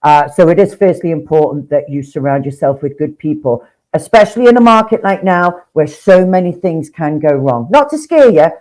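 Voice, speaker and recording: A woman's voice: low voice, expressive, moderate pace, few pauses, darkish tone, rough recording. Chatty Nottingham woman, full of slang. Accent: Nottingham English. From Nottingham, England. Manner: chatty, swears freely, slips into slang. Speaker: co-host, real estate professional. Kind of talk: casual podcast chat.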